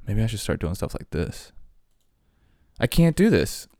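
Casual male host, low-pitched, dry sound, loose and chatty delivery. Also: very animated, measured pace, warm tone, dry recording. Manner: loose, chatty, lots of fillers and asides. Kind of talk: casual rambling chat.

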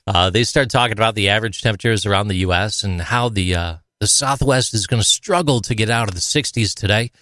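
A man's voice: on the low side, fast, few pauses, bright, forceful tone, no echo, clean studio sound. Rambling man in casual chat. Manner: rambling, lots of "you know" fillers. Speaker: podcast co-host and emcee.

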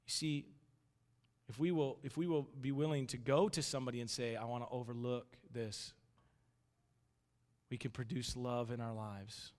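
A man's voice: mid-range voice, fairly even intonation, normal speed, long pauses, darkish tone. A man in his thirties preaching a casual sermon, chatty and full of restarts, telling family stories. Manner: conversational, restarts often, acts out voices in anecdotes. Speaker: pastor. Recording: long hall reverb.

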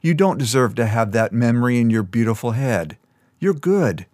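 A man voicing a tender, protective young male leader who comforts someone gently but firmly. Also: mid-range voice, very animated, normal speed, no echo, clean studio sound, natural voice. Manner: gentle, firm reassurance.

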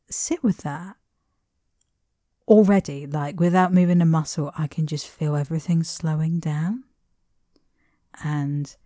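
Woman podcasting slow and low, mellow, wanders off on tangents, drops into whispers. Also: no echo, clean studio sound. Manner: meandering and gentle, with soft laughs and whispered asides. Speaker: podcast host. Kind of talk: reflective solo podcast talk.

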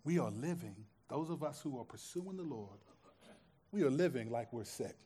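A pastor delivers a sermon, moving from hushed, quiet stretches to loud, impassioned peaks and repeating phrases for emphasis. His medium-pitched voice is slightly rough with lively intonation at a normal pace.

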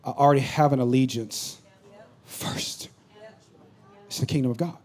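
A pastor preaching a sermon, swinging from loud urgent bursts to low confiding asides. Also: male voice, fairly even intonation, normal speed.

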